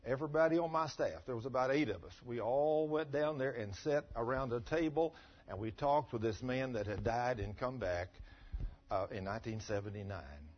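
A pastor delivers a folksy sermon in a church, moving from emphatic, raised lines to quiet asides. His voice is husky, and the dull, lo-fi recording mutes its top end. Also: mid-range voice, moderate pace. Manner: folksy, emphatic preaching with swings from loud to quiet.

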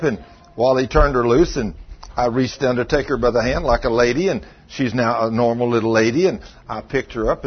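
A middle-aged man, a pastor telling a story in a sermon and acting out the scene with shouted commands. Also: medium pitch, breathy edge, dull audio.

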